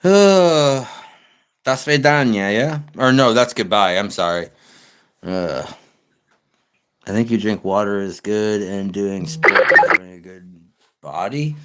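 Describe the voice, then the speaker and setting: Young streamer, low-pitched, blunt and profane, loose conversational rambling. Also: male voice, slow, pauses often, a bit bright, clear, resonant tone. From United States. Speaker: live streamer. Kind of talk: casual livestream chat reading comments.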